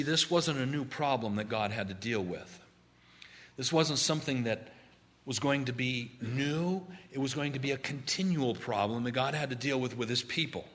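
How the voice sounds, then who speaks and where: A pastor delivering a sermon with a bright, forceful tone and a medium pitch. He leans on slow, drawn-out phrases and repeats words for emphasis. The voice is carried from a church service.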